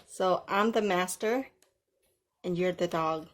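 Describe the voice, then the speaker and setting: A woman's voice: mid-range voice, takes it slowly, a little hiss or hum. A woman ranting in a vlog, giving mocking, bossy commands. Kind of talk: taunting vlog rant.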